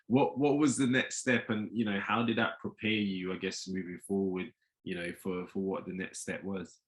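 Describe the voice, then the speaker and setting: A man's voice: low voice, steady tone, moderate pace. A man hosting an interview, asking long rambling questions full of fillers. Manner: rambling with many "you know" fillers. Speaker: host. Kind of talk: podcast interview.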